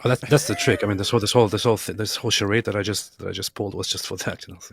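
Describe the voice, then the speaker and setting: A man's voice: fairly low pitch, steady tone, racing, vocal fry, slight background noise. A man co-hosting a casual livestream, drawling and wry, repeating himself as he agrees with his partner. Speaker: co-host on a livestream.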